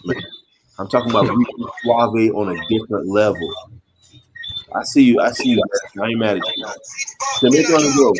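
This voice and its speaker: A man hosting a casual live stream, reading out chat comments and chatting with a guest in an animated way that repeats itself. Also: mid-range voice. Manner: animated, repeats himself, asks viewers for help. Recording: loud background noise.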